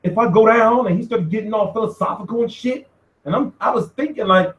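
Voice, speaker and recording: High, lively-voiced man in an echoey room. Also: brisk, lo-fi sound. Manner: animated, laughing, slangy storytelling. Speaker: boxing media vlogger. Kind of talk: casual profane monologue. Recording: roomy echo.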